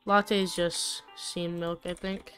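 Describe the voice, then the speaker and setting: A woman's voice: fairly low pitch, flat delivery, slow, over music. A young woman hosting a gaming channel, chatting casually and jokingly with slang as she plays and reads game lines aloud. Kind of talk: casual let's-play commentary.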